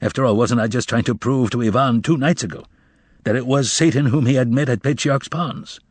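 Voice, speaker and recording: A tired, troubled man speaks with firm resolve and a wry, resigned edge. The male narrator voices him close to his own voice. His tone is slightly husky and dry. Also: medium pitch, a little fast, no room sound, close to an everyday voice. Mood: uneasy. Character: weary, troubled man, a writer.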